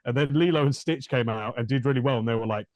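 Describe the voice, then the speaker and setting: A man's voice: medium pitch, quick pace, a little mellow, dry recording. A man co-hosting a podcast, joking and swearing through playful rants in casual conversation. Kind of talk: casual chat.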